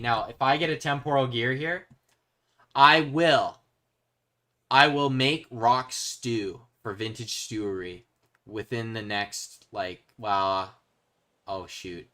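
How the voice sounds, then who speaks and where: A young man giving casual commentary while he plays a video game. He swings from quiet muttering to yelling when he is excited. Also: lowish voice, a little slow. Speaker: gaming video host. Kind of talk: casual let's-play commentary.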